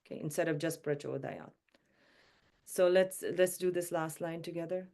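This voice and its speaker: A woman teaching mantra pronunciation and pitch notes, explaining patiently and then chanting each line slowly. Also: level tone, a little mellow.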